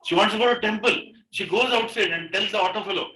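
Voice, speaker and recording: A man with an Indian English accent leading a devotional class in a home, telling stories and reading verses in a chatty, animated way. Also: high voice, fast. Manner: animated storyteller, conversational. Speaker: speaker leading a scripture class. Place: room in a private home, group gathering. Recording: echoey room, distant mic, crowd.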